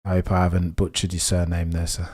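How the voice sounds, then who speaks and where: Deep-voiced Birmingham man chatting live. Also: fast talker. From England. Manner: chatty, excitable, reads and answers viewer messages. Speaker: livestream host. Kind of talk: casual live race commentary.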